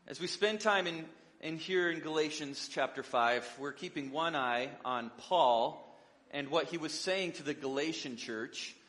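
Male pastor, casual sermon, slightly high voice with a bright edge, rambling delivery full of ums. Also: long reverb tail. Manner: relaxed, rambling with many fillers and self-corrections. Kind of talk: conversational sermon.

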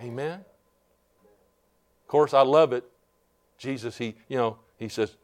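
In an unhurried, mid-range voice, a man preaches as pastor, his fervent sermon building to shouts as he calls "Amen?" to the congregation.

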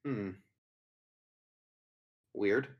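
A man's voice: fairly low pitch, very slow, lo-fi sound. Chatty male game master. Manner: chatty, rambling, with casual fillers and swearing. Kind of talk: narrating a tabletop game.

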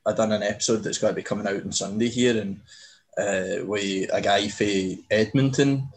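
A young man hosting a podcast, telling stories in lively casual chat and swearing freely. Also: lowish voice, moderate pace. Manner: animated storyteller, swears freely. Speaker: podcast host.

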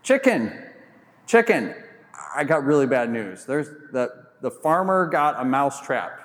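A man's voice: sing-song, measured pace. A man voicing a small, anxious mouse in a spoken fable, worried and pleading. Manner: worried, pleading, high and squeaky. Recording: reverberant church sanctuary.

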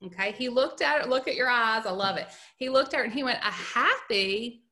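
A woman's voice: on the high side, quick pace, pushed and bright. A middle-aged woman with a Southern US accent, co-hosting a podcast and chatting casually, telling stories and laughing often. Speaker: podcast co-host. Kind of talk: casual chat.

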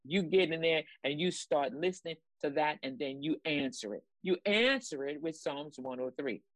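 A woman's voice: sits low, moderate pace, no echo. A woman co-hosting a ministry broadcast, preaching in an emphatic, repetitive way and urging her listeners on. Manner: exclamatory praise. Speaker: ministry co-host. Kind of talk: preaching commentary.

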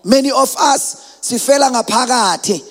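High gravelly preacher, chanting. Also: male voice, normal speed. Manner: chanting, sing-song preaching that rises to shouts. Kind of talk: sermon. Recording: long hall reverb.

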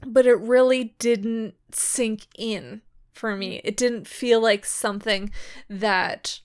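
A woman's voice: on the high side, slow pace, clean tone. A woman chatting casually about a TV episode, retelling scenes and acting out characters' lines with lots of swearing. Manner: animated, swears freely, acts out characters' lines. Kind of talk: casual TV recap chat.

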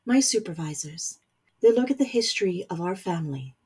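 A woman voicing a stern, powerful middle-aged mother who is a warlock general, speaking forcefully with scorn. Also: on the low side, animated, brisk, breathy edge. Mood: weary earnest. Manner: forceful, scornful, rising to anger.

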